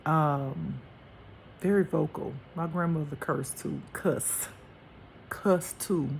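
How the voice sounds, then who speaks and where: Speaking slowly in a deep, creaky voice, a woman delivers a casual spiritual monologue as a life teacher, with a little background noise behind her. She's emphatic and chatty, laughs often, and calls her listeners honey and baby.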